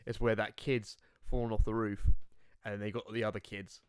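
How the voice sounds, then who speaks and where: A young man chats on a podcast, swearing freely and telling stories with animation. His voice sits low. The sound is close and dry, with no room around it. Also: little pitch movement, normal speed, clean tone, no echo. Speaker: podcast host. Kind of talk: casual chat.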